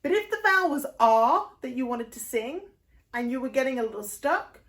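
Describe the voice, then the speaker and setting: A northern English singing teacher patiently explains vowel shapes on video, dropping into short sung vowel demos. She speaks at a moderate pace in a high, fairly bright voice with lively intonation.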